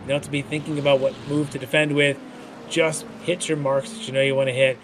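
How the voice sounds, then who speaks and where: A man's voice: medium pitch, little pitch movement, fast talker, noisy background. A man commentating an online sim race, mixing race calls with jokey banter. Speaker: play-by-play commentator.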